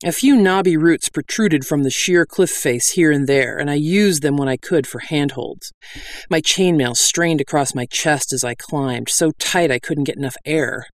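A man's voice: fairly high pitch, moderate pace, no echo. A man reading a fantasy story aloud as narrator, wry and dry-humored.

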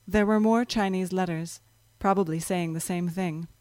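A woman narrating a story in a calm, measured reading voice. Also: on the low side, no room sound.

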